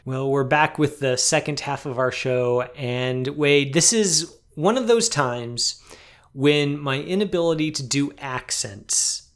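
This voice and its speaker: A man's voice: on the high side, slow pace. A man co-hosting a film podcast, talking in a thoughtful, self-deprecating way. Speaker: podcast co-host. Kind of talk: casual film discussion.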